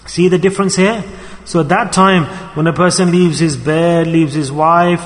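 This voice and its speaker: A man's voice: a little high, fairly even intonation, moderate pace. Preaching man in a reverberant hall. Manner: asks the audience questions and calls for responses. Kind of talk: sermon to a congregation.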